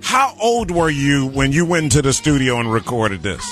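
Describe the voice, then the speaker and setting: A man's voice: mid-range voice, very animated, moderate pace, a bit bright, faint music behind. A man hosting a casual interview, hearty and slangy, calling his guest brother. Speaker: interview host.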